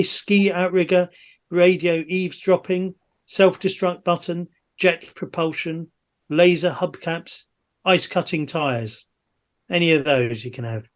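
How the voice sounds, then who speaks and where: A man acting as quiz master on a video call, reading out answers briskly with jokey asides. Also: on the high side.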